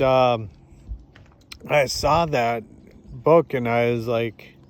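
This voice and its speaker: A man talking to the camera in a casual, halting way, with many fillers and restarts, outdoors in the countryside. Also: mid-range voice, darkish tone. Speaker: vlogger. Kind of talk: casual spoken reflection.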